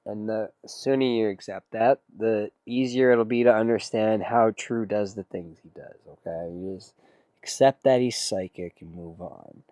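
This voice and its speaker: A man's voice: on the low side, measured pace, warm tone, no echo. Laid-back sarcastic man streaming. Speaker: music streamer taking song requests. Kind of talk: casual livestream chat.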